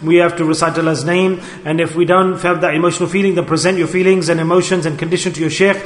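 High-voiced preacher in an echoey hall. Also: male voice, fairly even intonation. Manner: earnest, pleading, slow emphatic repetitions. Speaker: Sufi preacher. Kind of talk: sermon to a gathering.

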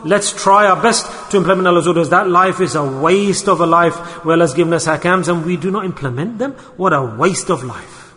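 A man delivers an exhorting sermon in a bright, forceful voice, sprinkling his English with Arabic and Urdu religious words. He keeps pressing his listeners with rhetorical questions. His voice rings on in a long hall reverb. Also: high-pitched, a little fast, hardly any pauses. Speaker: preacher.

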